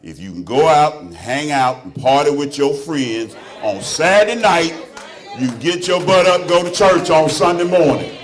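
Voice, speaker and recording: A man with a Southern drawl works the room in a stand-up set, teasing the audience in a loose, laughing way. His voice sits a little higher than most men's. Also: animated, moderate pace, few pauses. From Alabama. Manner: loose, teasing crowd work with frequent laughter. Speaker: stand-up comedian. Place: club stage before a live audience.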